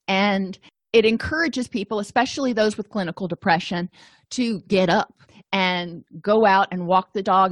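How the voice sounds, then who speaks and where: A woman teaches in an easy, conversational way, mixing a lecture with homey examples. Her voice sits at a middling pitch. The sound is close and dry, with no room echo. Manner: conversational, explains with everyday examples and asides. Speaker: counselor and podcast host. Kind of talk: recorded continuing-education lecture.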